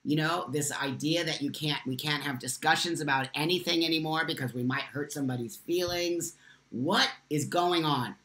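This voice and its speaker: A man's voice: fairly high pitch, moderate pace, bright, forceful tone. A man hosting a live stream from his phone, answering viewers' comments. He speaks with impassioned emphasis and repeats lines for force.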